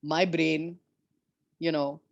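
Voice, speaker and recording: A woman golfer telling stories of her years on tour in an interview, animated and candid, swearing freely. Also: low voice, very slow, creaky, no room sound, lo-fi sound. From India. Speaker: professional golfer guest. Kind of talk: storytelling in an interview.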